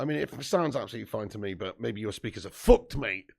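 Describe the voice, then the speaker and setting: Very gravelly man just out of bed. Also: lowish voice, expressive, fast talker, a little mellow. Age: 30s. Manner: chatty and jokey, sweary, reads out viewer comments. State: just woken up, morning voice. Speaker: host of a live football watch-along stream. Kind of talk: casual live-stream chat and match commentary.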